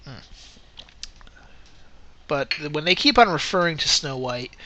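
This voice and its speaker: A man's voice: on the high side, expressive, slow, bright, forceful tone. A man giving a casual spoken movie review, rambling and correcting himself as he goes, often breaking into laughter. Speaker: film reviewer.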